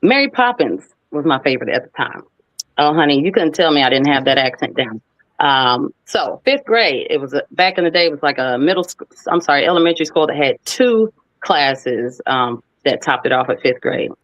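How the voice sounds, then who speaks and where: A woman in her thirties from the US, a guest actress telling stories in a casual interview, lively and playful. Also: low voice, normal speed, dry recording. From United States. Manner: lively, playful, animated when retelling stories. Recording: dull lo-fi, dry sound.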